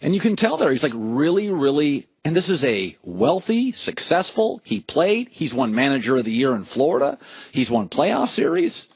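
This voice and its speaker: A middle-aged man talking sports in an opinionated monologue, his fairly high voice leaping up and down as he jokes and riffs. The sound is close and dry, with no room around it. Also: breathy edge, no echo. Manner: animated, joking, riffing in quick asides. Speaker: sports radio host.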